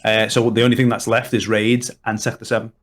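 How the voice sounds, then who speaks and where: A Liverpool man with a Liverpool accent speaks at a fairly low pitch, in a level tone and at a brisk clip. He's a podcast guest chatting casually and at length, long-winded and full of restarts and fillers.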